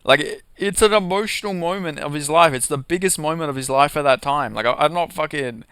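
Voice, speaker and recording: A man's voice: a little high, a little fast, a bit bright, smooth, no echo. A young man doing a casual, profanity-heavy rant about MMA, heated and sarcastic, with lots of "like" and "you know". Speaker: MMA commentary vlogger.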